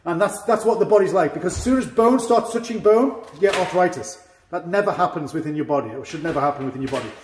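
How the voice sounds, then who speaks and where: A man's voice: sits high, a little mellow, a little hiss or hum. A man who is a karate instructor, explaining technique to his class in a chatty way with demonstrations and small self-mocking jokes. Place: training hall. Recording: echoey hall.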